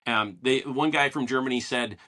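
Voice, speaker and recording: Bright and forceful, this man's mid-range voice moves at normal speed as he hosts a casual podcast interview. He's an eager storyteller who performs other people's quotes.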